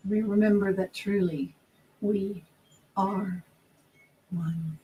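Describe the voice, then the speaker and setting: Slow, calm guided meditation leader. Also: mid-range voice, muffled recording. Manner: calm, slow, soothing guidance. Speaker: spiritual service leader.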